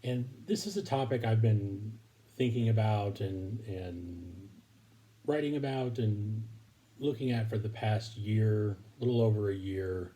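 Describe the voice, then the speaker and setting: Low, mellow-voiced man teaching scripture. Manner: halting, many fillers and restarts. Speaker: preacher. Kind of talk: recorded online Bible lesson.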